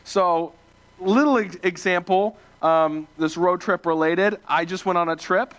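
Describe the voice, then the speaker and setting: Young male preacher from small-town Ohio, high voice, animated and filler-heavy storytelling. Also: measured pace, clear, resonant tone. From small-town Ohio, USA. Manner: animated, self-deprecating, many fillers and restarts. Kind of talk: casual storytelling sermon.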